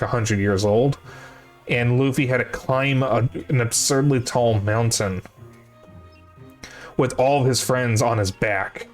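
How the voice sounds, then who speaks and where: A young man streaming, chatting casually to his viewers, rambling and correcting himself as he goes, with the odd curse. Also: mid-range voice. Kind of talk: casual chat to a live chat. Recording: faint music behind voice.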